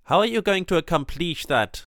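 A man's voice: high voice, lively intonation, moderate pace, a bit bright, no echo, clean studio sound, pitched above the performer's own voice. A man voicing a stern alien prison leader who talks impassively and stresses his syllables oddly, as an audiobook character. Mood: stern, probing.

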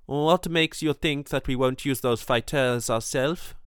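A man's voice: medium pitch, a little slow, smooth, no room sound, clean studio sound, voice pushed up, natural voice. A man voicing a stern alien prison leader who talks impassively and stresses his syllables oddly, as an audiobook character. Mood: stern, probing.

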